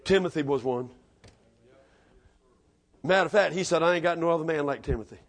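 A man preaching a sermon, fiery and shouting at the climaxes of his stories. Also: on the high side, fairly quick. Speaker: pastor.

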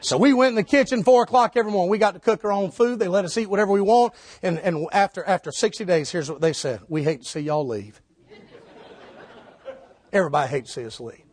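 Preacher, shouting then hushed. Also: male voice, quick pace, slightly rough, no echo. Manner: swings from shouted preaching to low hushed storytelling. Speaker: street preacher. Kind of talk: storytelling sermon.

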